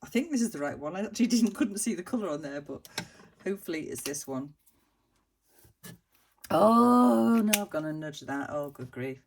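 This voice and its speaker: A woman's voice: lowish voice, animated, moderate pace, slight background noise. A middle-aged woman chatting casually through a crafting vlog, gushing and sentimental as she unboxes and works. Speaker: dolls house hobby vlogger.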